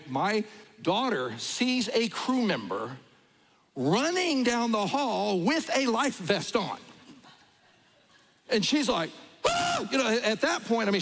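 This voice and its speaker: Animated male preacher telling a story. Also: sits high, vocal fry, big-room sound, rough recording. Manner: animated storyteller, acts out voices. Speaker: pastor. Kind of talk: storytelling sermon.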